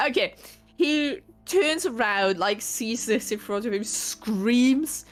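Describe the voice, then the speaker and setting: Slow-talking woman game master. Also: fairly high pitch, expressive. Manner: unhurried, hesitant, many ums and likes. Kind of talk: narrating a tabletop game.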